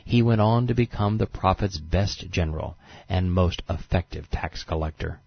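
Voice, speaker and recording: A man with a very low voice delivers scripted documentary narration full of sarcastic, scornful asides. The recording is dry and dull, with no room sound. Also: moderate pace, vocal fry, no room sound.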